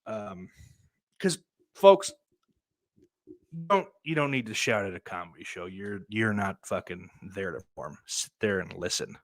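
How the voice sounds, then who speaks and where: A man's voice: on the low side, animated, a little slow, long pauses, no echo. Rambling, swearing podcast host man. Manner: rambling, swears a lot, many fillers, loud outbursts. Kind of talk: casual storytelling chat.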